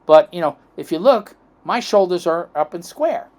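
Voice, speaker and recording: With a high, darkish voice and lively intonation, this middle-aged American man speaks at a moderate pace. As a chiropractic guest on a podcast, he tells long, rambling stories, acting out dialogue and asking "okay?" and "right?" along the way.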